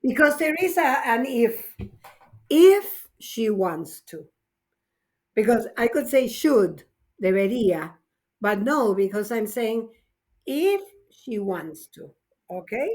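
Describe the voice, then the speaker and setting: A woman's voice: a little high, very animated, slow pace, pauses often. A woman teaching an English grammar class, encouraging her students and explaining each point patiently, with glosses.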